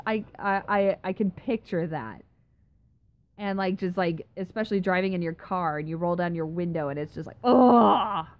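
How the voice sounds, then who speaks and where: A young woman chatting casually on a live stream, reading comments aloud and reacting with giggly, exaggerated disgust. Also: lowish voice. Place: home in a dry desert city.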